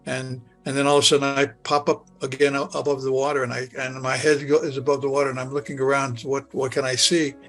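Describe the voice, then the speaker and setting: A man in his eighties recounting a personal memory, halting and stuttering with many restarts. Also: mid-range voice, level tone, fairly bright tone, faint music behind. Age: 80s. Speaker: near-death experience survivor. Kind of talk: personal recollection.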